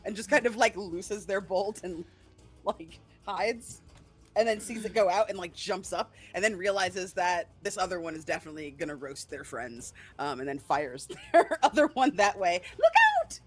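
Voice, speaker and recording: A woman's voice: on the low side, normal speed, husky, faint music behind. A woman playing a tabletop game, chatty and eager, describing her character's actions. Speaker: player. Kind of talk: casual tabletop play.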